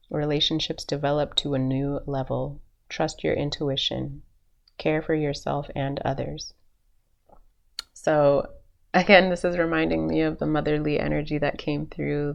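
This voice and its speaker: A woman's voice: sits low, creaky, lo-fi sound. A woman doing a spiritual card reading for her viewers, speaking in a soothing, affirming way with lots of repetition and the odd laugh. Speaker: intuitive card reader.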